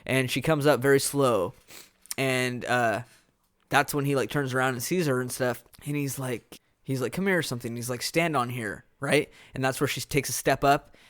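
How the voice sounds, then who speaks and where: A young man co-hosting a casual podcast, retelling film scenes in a rambling, animated way with frequent restarts. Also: medium pitch, normal speed. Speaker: podcast co-host. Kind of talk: casual movie-review chat.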